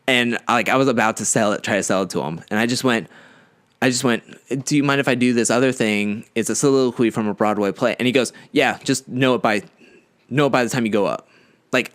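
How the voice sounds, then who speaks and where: A man's voice: lowish voice, clean tone. A young man, a podcast co-host, rambling through a casual story and acting out quotes as he goes. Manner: rambling, animated retelling with acted-out quotes.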